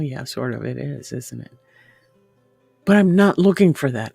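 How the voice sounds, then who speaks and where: A woman's voice: lowish voice, warm tone, no echo. A woman livestream host chatting casually with her viewers and reading their comments, laughing often and sometimes dropping to a whisper. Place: room at home with window open.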